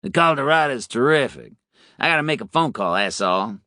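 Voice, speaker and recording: A man's voice: mid-range voice, lively intonation, brisk, bright, forceful tone, no echo, clean studio sound, voice pushed up. A man doing a brash businessman. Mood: exasperated. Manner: brash, exasperated. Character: irritated businessman on the phone.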